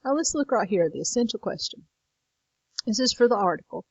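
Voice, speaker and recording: Tired woman teacher, gravelly voice. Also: medium pitch, lively intonation, brisk, dry recording, highs cut off. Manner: tired, yawning, apologetic. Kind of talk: recorded lesson walkthrough.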